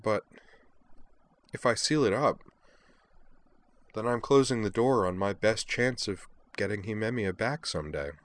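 A man's voice: fairly low pitch, a little slow, pauses often, lightly acted. A man reading a frustrated young woman's lines in a story, lifting his voice a little for her.

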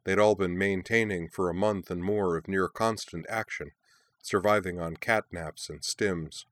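A man reading a war story aloud in a measured, even narration. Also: sits low, no echo.

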